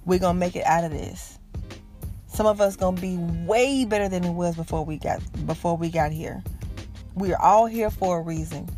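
A woman's voice: fairly low pitch, normal speed, mellow, soft background music. A woman hosting a podcast, giving an encouraging faith talk in a preachy, repetitive way that speaks straight to listeners. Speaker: podcast host.

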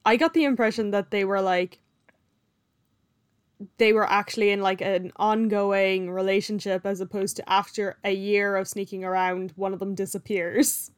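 A woman's voice: medium pitch, steady tone, normal speed, smooth, no echo, studio quality. A woman co-hosting a casual book talk, answering with wry, questioning remarks. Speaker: book podcast co-host.

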